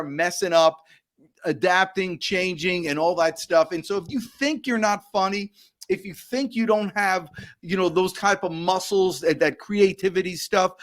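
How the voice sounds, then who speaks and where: A man hosting a live online show over a video call, joking and rambling with frequent stumbles and laughs. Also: high-pitched. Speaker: livestream show host. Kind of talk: casual live show banter.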